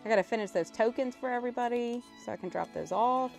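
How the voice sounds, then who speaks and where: Excitable woman streamer chatting over music. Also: on the high side, fast talker, gravelly. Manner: excitable and emotional, swears freely. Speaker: livestream host. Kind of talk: casual live-stream chat while opening cards.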